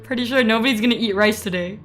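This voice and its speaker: Giggly high-voiced woman streamer. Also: quick pace, faint music behind. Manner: giggly, animated storytelling with frequent laughs. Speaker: VTuber streamer. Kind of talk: casual livestream chat.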